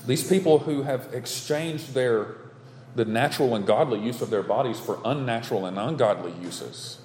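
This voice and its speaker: A man preaching a sermon from the pulpit, stressing his points through steady repetition. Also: mid-range voice, moderate pace. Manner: emphatic, repetitive preaching cadence. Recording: echoey hall with long reverb.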